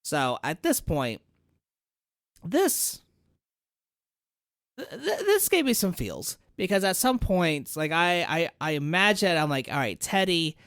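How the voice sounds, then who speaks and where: A man's voice: sits high, takes it slowly, long pauses, no echo. A man in his thirties chatting on a podcast, telling stories with big swings in his voice. He swears freely and sounds close and dry. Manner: animated storytelling, swears freely. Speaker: podcast guest. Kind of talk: casual podcast chat.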